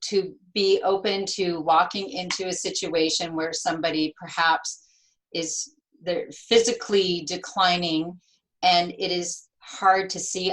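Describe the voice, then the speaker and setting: A woman's voice: on the low side, poor audio. A woman in her fifties, a nurse and author, speaking earnestly as an interview guest and acting out the things people say. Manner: earnest, expressive, acts out quoted dialogue. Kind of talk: interview conversation.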